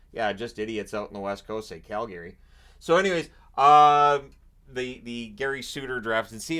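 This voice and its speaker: A man's voice: mid-range voice, a bit bright. A man hosting his own channel, talking through picks in a loose, rambling way with joking asides. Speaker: hockey channel host. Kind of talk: casual solo commentary. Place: home, washer running nearby.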